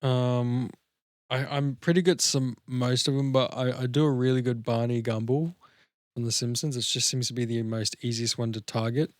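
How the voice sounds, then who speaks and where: A man's voice: medium pitch, fairly even intonation, moderate pace, no echo, studio quality. A man chatting casually on a podcast, joking and swearing easily. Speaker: podcast co-host. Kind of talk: casual chat.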